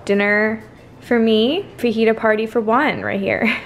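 A woman's voice: fairly high pitch, unhurried, a little hiss or hum. Bubbly chatty young woman vlogger. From Canada. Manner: chatty, bubbly, laughs often. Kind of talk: casual day-in-the-life vlog. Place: home, indoors.

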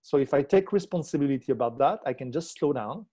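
Talking fast with lively intonation, a man with a medium-pitched, warm voice explains his thinking as a relationship coach in an interview. He's reflective and checks in with the listener via tag questions.

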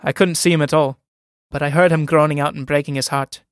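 A timid young suitor, uneasy and awkward, easily scandalized, read by a man performing a stage play. His voice is a touch high and the recording is dry and close. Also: steady tone, brisk, clear, resonant tone, dry recording, natural voice.

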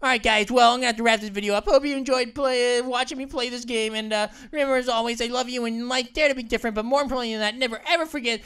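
A man voicing a hyper, wisecracking talking orange who hosts a gaming channel, giving excitable, silly gameplay commentary and repeating words in bursts. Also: extremely high pitch, rapid-fire, hardly any pauses, smooth. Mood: excited. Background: game music.

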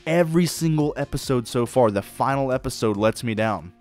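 Profane, excitable man reviewing a show. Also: medium pitch, moderate pace, hardly any pauses, faint music behind. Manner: blunt, profane, excitable, acts out quoted lines. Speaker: podcast host reviewing shows. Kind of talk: casual solo review monologue.

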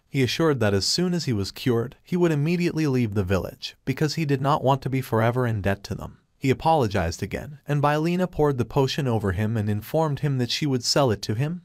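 A man giving a scripted, even third-person narration of a comic story. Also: mid-range voice, no room sound, studio quality. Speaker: recap narrator.

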